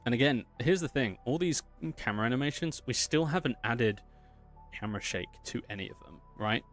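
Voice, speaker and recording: A man's voice: medium pitch, expressive, brisk, a bit bright, faint music behind. A man chatting casually and upbeat as he streams his animation work, thinking aloud as he goes. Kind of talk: casual livestream talk while working.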